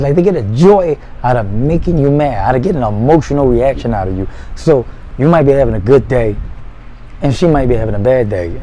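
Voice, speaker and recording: Blunt profane man with a mellow voice. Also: medium pitch, a little hiss or hum, low-quality recording. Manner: blunt, profane, streetwise slang. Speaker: vlogger giving dating advice. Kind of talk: casual monologue to camera.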